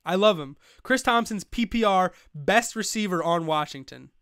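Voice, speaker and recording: A man's voice: high-pitched, normal speed, smooth, no echo, studio quality. A young man hosting a live fantasy football show, talking casually and ranting in frustration. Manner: excitable, swears, rants in frustration. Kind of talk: live-streamed casual commentary.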